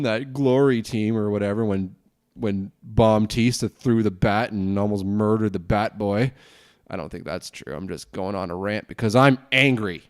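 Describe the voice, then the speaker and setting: A young man hosting a casual solo podcast, rambling and self-deprecating, grumbling with sudden high exclamations. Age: young adult. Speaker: podcast host.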